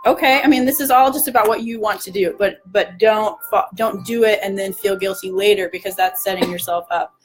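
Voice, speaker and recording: Hoarse-voiced woman coach chatting. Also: medium pitch, fairly quick, hardly any pauses, soft background music, low-quality recording. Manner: chatty, acts out dieters' self-talk in quoted lines. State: hoarse, voice still rough. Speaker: nutrition coach. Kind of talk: casual live-stream Q&A chat.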